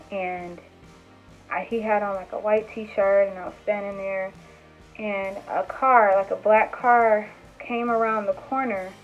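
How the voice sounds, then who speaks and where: Young woman vlogger telling a story over a tinny line. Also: medium pitch. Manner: animated retelling with acted quotes, many fillers. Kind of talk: casual storytelling. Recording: tinny phone-like sound with faint music.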